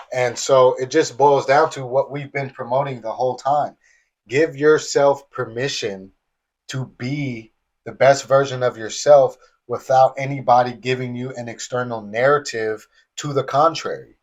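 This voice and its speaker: A man's voice: medium pitch, fairly even intonation, unhurried, highs cut off. A man co-hosting a podcast in casual spiritual chat, reflective, building his points as lists. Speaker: podcast co-host.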